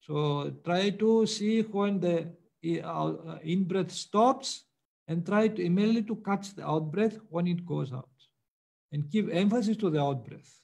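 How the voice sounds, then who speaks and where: A man teaching meditation and answering students' questions, speaking patiently with many pauses and fillers. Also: high voice, vocal fry, mellow.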